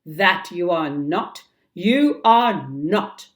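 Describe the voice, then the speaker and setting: A woman reading a storybook and voicing a furious, blustering adult male pirate captain with loud, slow, emphatic lines. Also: lowish voice, expressive.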